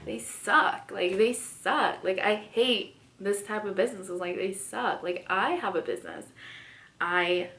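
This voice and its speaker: A woman's voice: medium pitch, measured pace, bright, forceful tone. A young woman vlogger telling a story in casual chat, rambling with lots of "like" and "you know" fillers. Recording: echoey room.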